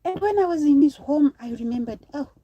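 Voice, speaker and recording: A woman's voice: sits high, lively intonation, fairly quick, warm tone, no room sound, poor audio. A woman from Zimbabwe in her thirties, chatting on a live stream, telling a personal story to viewers and breaking off to thank supporters.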